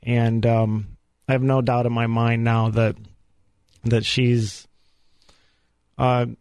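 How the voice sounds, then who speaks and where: Man, earnest storyteller, radio guest, middle pitch, dry studio sound. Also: flat delivery, slow pace, a little mellow, clean tone, dry recording. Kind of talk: personal faith testimony.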